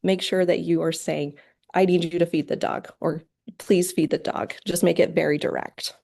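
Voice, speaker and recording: Gravelly low-voiced woman presenting a lecture. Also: steady tone, normal speed, a little mellow. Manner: clear, instructive, acts out short parent and child quotes. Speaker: parent training presenter. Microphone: video call.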